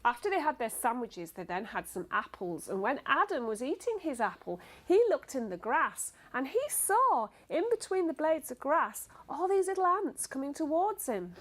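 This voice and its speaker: A woman teacher telling a phonics story to young children, slow, animated and encouraging. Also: high voice, slight background noise.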